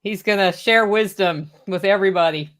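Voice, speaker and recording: A woman's voice: medium pitch, moderate pace. A woman co-hosting a casual podcast, friendly and encouraging.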